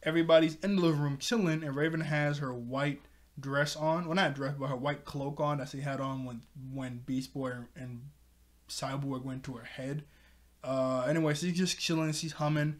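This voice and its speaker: A man's voice: on the high side, fairly even intonation, moderate pace. A young man casually recapping a cartoon episode, rambling with lots of fillers and frequent laughs. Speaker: show reviewer.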